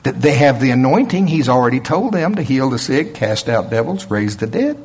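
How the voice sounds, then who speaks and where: A man's voice: medium pitch, very animated, moderate pace, a little mellow, slightly rough. A man preaching a sermon, emphatic and chuckling often.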